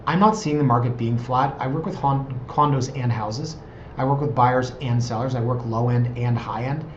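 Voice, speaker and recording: A man's voice: medium pitch, fairly even intonation, moderate pace, echoey room, muffled recording, slight background noise. A man in his thirties, a real estate agent, talking casually and digressively in a vlog from his office. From Canada. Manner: chatty, digressive, self-deprecating.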